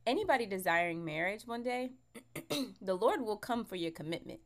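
A woman's voice: mid-range voice, lively intonation, normal speed. A woman co-hosting a faith podcast, speaking encouragingly and reflectively to her listeners.

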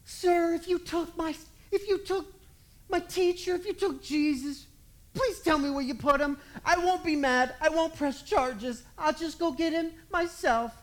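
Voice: extremely high pitch, measured pace, voice pushed up, poor audio. A preacher voicing a grieving young woman who pleads to find her missing teacher, raising the voice and speaking with emotion in a retold story. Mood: pleading.

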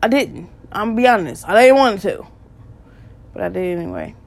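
A woman's voice: mid-range voice, big pitch swings, creaky. A woman hosting a podcast and sharing a faith testimony, earnest and repetitive, stressing points again and again. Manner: earnest and repetitive, with quick bursts of emphasis and laughs. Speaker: podcast host. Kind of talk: faith testimony talk, preaching.

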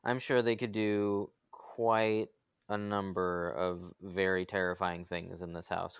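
Low, smooth-voiced man chatting. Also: slow pace, dry recording. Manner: relaxed, rambling with fillers and restarts. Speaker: podcast co-host. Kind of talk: casual group chat.

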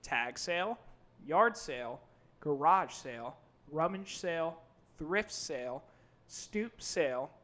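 A man's voice: fairly high pitch, expressive, slow, pushed and bright. A young man in casual podcast chat, joking around and swearing freely.

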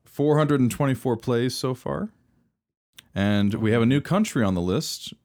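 A man's voice: medium pitch, normal speed, a little mellow, no room sound. A man co-hosting a podcast, talking in a dry, matter-of-fact way. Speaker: podcast co-host. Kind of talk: casual chat.

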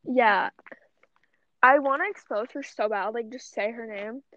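A woman's voice: a little high, measured pace, a bit bright, no room sound. A young woman co-hosting a podcast, chatting casually and rambling, swearing often and saying "like" constantly. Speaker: podcast co-host. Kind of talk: casual chat. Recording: dull, lo-fi audio.

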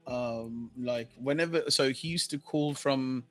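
A man's voice: mid-range voice, unhurried, faint music behind. A man from India, a podcast co-host chatting casually and acting out the people in his stories. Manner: animated storyteller, acts out quoted voices.

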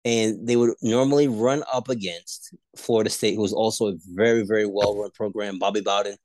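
A man co-hosting a casual sports podcast, debating rivalries and jumping high in pitch when he argues. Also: brisk, no echo. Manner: animated, pitch jumps high when arguing.

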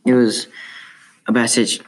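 A man's voice: medium pitch, little pitch movement, moderate pace. A man from South America, a Spanish speaker with a light South American Spanish accent, reading a personal essay aloud in a plain, earnest way. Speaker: student.

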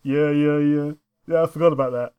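A man's voice: on the high side, steady tone, clear, resonant tone, narrow, tinny audio. Laughing man in a casual film chat. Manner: laughs often, quick agreeing interjections.

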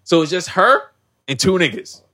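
A man with a slightly high voice recaps a movie on a podcast, talking loosely and full of slang. He keeps slipping into quick impressions of the characters as he tells the story. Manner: animated slangy storytelling, acts out characters' lines. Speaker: podcast co-host. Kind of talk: casual movie recap chat.

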